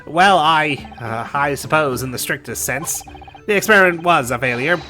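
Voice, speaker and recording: A man voicing an eccentric, excitable older male scientist who stammers and shouts his theories. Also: a little high, normal speed, faint music behind. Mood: flustered. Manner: stammering, loud, overexcited.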